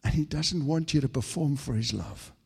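A man preaching a fervent sermon to a congregation, stumbling over restarts as he builds to high, excited peaks. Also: normal speed, vocal fry, husky, big-room sound. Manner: frequent stammered restarts.

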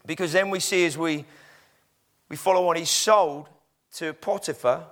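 A man's voice: a little high, normal speed, a bit bright. A man preaching a sermon in a conversational, storytelling way with frequent fillers.

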